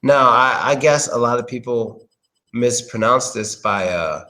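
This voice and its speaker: A man's voice: medium pitch, a little slow, bright, forceful tone, low-quality recording. A man giving a casual pronunciation lesson, thinking aloud and often hesitating. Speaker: English pronunciation tutor.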